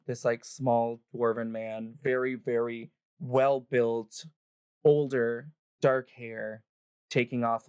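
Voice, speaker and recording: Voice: mid-range voice, a little mellow, clean tone, no echo, studio quality. A game master narrating a livestreamed tabletop session in a loose, chatty way full of fillers. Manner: casual, filler-heavy narration with laughs and swearing. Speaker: dungeon master.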